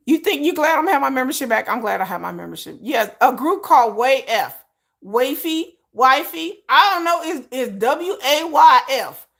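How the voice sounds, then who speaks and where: A woman vlogger rattles on about pop music in a loose, slangy, animated way, tossing in asides to her viewers. Her voice sits high and sounds bright and forceful. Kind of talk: casual pop-music chat.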